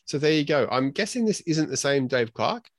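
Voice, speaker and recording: A man's voice: fairly high pitch, expressive, moderate pace, no room sound. Chatty man hosting a podcast. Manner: stumbling over words, chatty and self-deprecating. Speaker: podcast host. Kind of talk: casual podcast chat, reading listener entries aloud.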